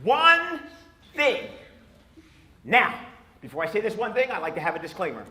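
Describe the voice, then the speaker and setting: A man's voice: high voice, wildly swooping pitch, moderate pace. A man doing a stand-up comedy set with crowd work, brash and punchy, on a club stage with a handheld mic. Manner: brash, loud, punchy, chatting with the audience. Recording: live club recording with crowd laughter and noise. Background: audience laughter and room noise.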